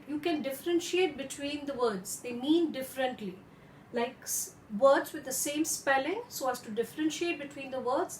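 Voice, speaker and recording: Woman french teacher, kinda high voice, goes slow and careful, faint background hum. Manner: slow, careful explanations with repeated examples. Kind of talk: instructional lesson. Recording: echoey room.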